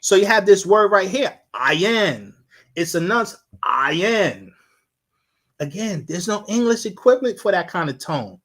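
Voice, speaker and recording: A man's voice: high-pitched, brisk, few pauses, a bit bright. A man giving a casual live-streamed lecture, rambling and repeating himself as he sounds out syllables.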